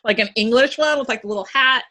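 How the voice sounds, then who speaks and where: With a higher voice and a quick pace, a woman running a podcast recaps an episode conversationally. She performs quoted lines in an animated way and laughs a good deal.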